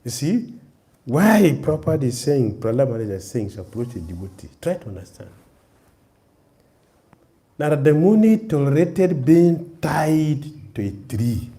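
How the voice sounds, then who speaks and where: Male swami, sermon storyteller, very animated pitch. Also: a little slow, long pauses. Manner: animated, acts out the story in voices. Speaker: swami preacher.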